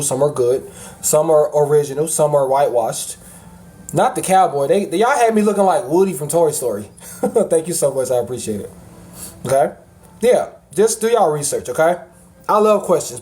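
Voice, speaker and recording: A man talking casually to his livestream chat in animated, laughing, sermon-like rants. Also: fairly high pitch.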